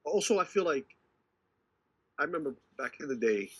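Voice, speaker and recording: A man with a slightly raised, husky voice, co-hosting a podcast. He talks in an earnest, measured way, stacking short repeated phrases to make his point. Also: fairly high pitch, expressive. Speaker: podcast co-host. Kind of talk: casual chat.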